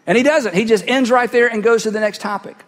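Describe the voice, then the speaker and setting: A man's voice: very high voice, quick pace. A man preaching a sermon as pastor, speaking into a cheek microphone and emphatically repeating phrases for effect. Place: church sanctuary. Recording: long hall reverb.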